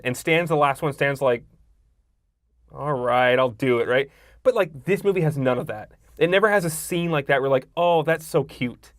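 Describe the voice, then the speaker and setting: Fast-talking opinionated man reviewing movies. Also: on the high side, no room sound, studio quality. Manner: opinionated, swears freely; often acts out characters' lines. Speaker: podcast co-host. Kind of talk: casual movie review chat.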